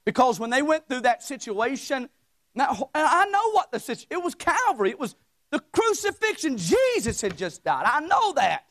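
Young preacher, high and lively. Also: male voice, normal speed, no room sound, clean studio sound. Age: young adult. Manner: swings between shouting and hushed, folksy Southern phrasing. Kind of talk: sermon.

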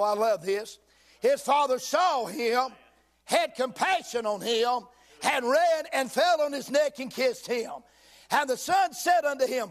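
Man, pastor, very high voice, slow scripture reading, folksy interjections, shouted emphasis, church sermon. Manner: reads scripture slowly in old King James wording, breaking off with folksy asides. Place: church sanctuary.

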